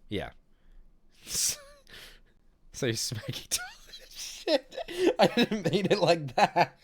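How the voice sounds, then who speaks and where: A man's voice: on the low side, a bit bright. A man hosting a live stream, chatting casually and reading viewer messages, rambling and joking with lots of fillers. He says he is sick. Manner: rambling, jokey, many fillers and restarts. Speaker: livestream host.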